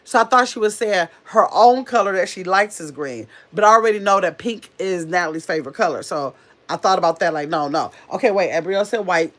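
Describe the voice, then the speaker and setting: A woman hosting a casual live stream, chatting quickly and reading viewer comments aloud as she answers them. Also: lowish voice, lively intonation, a bit bright. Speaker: livestream host.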